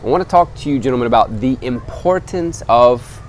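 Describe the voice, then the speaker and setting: Man in the middle pitch range, vlogging outdoors by a temple, earnest and animated, with faint street noise behind. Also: brisk. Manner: addresses listeners as gentlemen, earnest and animated. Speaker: travel vlogger. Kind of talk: casual motivational talk to camera. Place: outdoors beside a temple on a small island.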